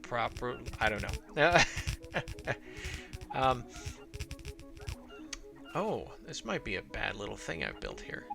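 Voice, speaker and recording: A man's voice: mid-range voice, huge pitch swings, takes it slowly, vocal fry, pauses often, over music. A man from Arizona giving casual let's-play commentary, rambling and thinking aloud with many fillers. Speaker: gameplay commentator.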